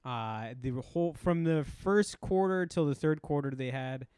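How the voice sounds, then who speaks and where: A man on a casual sports podcast, reading off game stats with dry, wry asides. His voice sits a little high and comes across smooth and clean on a close mic. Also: lively intonation, normal speed, a little mellow, no echo. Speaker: podcast co-host.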